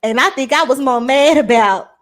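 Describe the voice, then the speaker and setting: A woman co-hosting a podcast, telling a personal story in animated, casual chat full of swearing. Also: high-pitched, normal speed. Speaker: podcast co-host.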